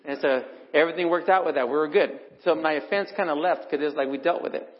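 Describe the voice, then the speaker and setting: Middle-aged male preacher, conversational storyteller, slightly high voice, muffled hall recording with long echo. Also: fast. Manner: conversational storytelling, acts out quotes. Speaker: pastor. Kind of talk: sermon with personal stories. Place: church hall. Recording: dull recording in a reverberant hall.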